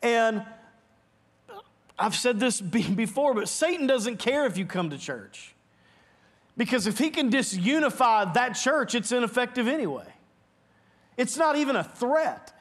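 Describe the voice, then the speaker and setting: A male pastor with a notably high voice delivers an earnest sermon in a church sanctuary. He presses his points hard and often repeats a word as he restarts a phrase. His voice is carried by a mic for a livestream. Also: sing-song, fairly bright tone. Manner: earnest, emphatic preaching with quick repeated restarts.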